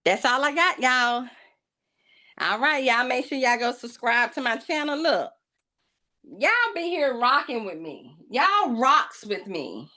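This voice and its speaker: Animated chatty woman vlogger. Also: fairly high pitch, measured pace. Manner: chatty and playful, teasing and dramatic; colloquial, addresses viewers as y'all. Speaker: craft channel host. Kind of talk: casual vlog talk.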